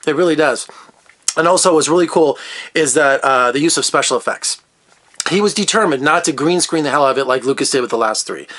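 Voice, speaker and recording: A man's voice: fairly high pitch, animated, fairly quick, fairly bright tone. A middle-aged man reviewing a film in a casual video, enthusiastic and rambling, jumping from topic to topic. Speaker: film critic.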